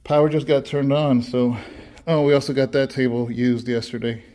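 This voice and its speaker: A man's voice: mid-range voice, level tone, normal speed, mellow. A man out of breath from walking, eagerly touring an empty church building and talking straight to viewers. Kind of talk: casual walkthrough vlog.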